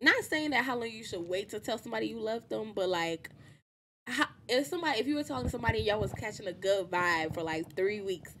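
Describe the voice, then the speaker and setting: A young woman in a casual podcast chat, asking long drawn-out questions and telling stories. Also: a little high, animated, fairly bright tone, slight background noise. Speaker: podcast co-host.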